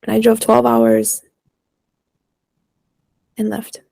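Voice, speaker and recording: A young woman speaks candidly on a podcast, her voice carrying a gravelly, creaky texture. She recounts things in halting bursts and pauses. The sound is dry and close, with no room around it. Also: a little high, completely flat delivery, mellow, no echo. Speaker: guest. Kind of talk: personal storytelling in a podcast conversation.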